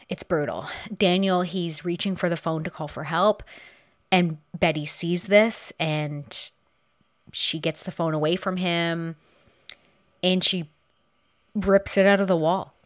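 A woman's voice: fairly low pitch, fairly even intonation, a little slow. A woman hosting a true crime podcast, retelling a case in a casual, conversational way, asking herself questions and answering them. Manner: conversational, rhetorical questions and answers, frequent restarts.

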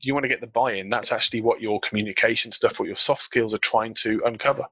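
Brief: man, panel guest, slight frog in throat, bright forceful tone, dry dull lo-fi sound. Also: on the low side, fast talker, breathy edge, no echo. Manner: animated, acts out quoted colleagues. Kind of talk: casual panel discussion.

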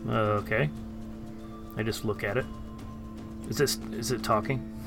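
A man's voice: lowish voice, steady tone, measured pace, creaky, over music. A man playing a tabletop game, hesitantly describing his character's actions aloud. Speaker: player. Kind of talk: casual in-character tabletop play.

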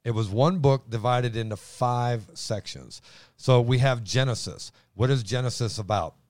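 An excitable man teaching the Bible in a casual chat, his voice booming as he stumbles over restarts. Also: normal speed, no echo.

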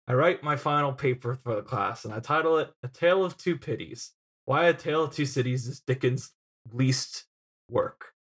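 A man's voice: mid-range voice, fairly bright tone, slightly rough. A young man co-hosting a casual film podcast, telling rambling stories and laughing as he goes. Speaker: podcast co-host.

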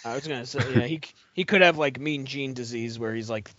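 A man cracking quick puns and quips in casual banter while watching wrestling. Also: medium pitch, background noise. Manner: quippy, punning. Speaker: podcast co-host. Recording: dry, dull lo-fi sound.

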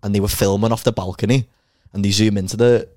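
A man's voice: fairly low pitch, fairly even intonation, fast talker, darkish tone, no room sound, clean studio sound. A man co-hosting a podcast, telling rambling stories in casual chat, swearing freely and laughing often. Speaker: podcast co-host.

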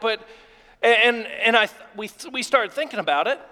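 Pastor, male, 30s, high voice, emotional sermon storytelling with restarts, long church reverb. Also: lively intonation, moderate pace, bright, forceful tone. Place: church sanctuary.

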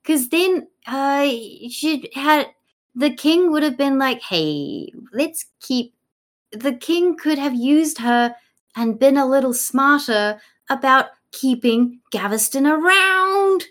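A woman's voice: high voice, slow pace. A woman co-hosting a podcast, rambling casually about a play with lots of fillers and jokey character voices. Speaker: podcast co-host. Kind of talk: casual literary discussion.

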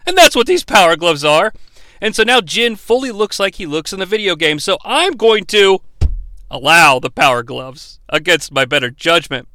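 A man's voice: high voice, animated, moderate pace, pushed and bright. A man hosting a comedic movie review, recapping the plot with sarcastic, profane asides.

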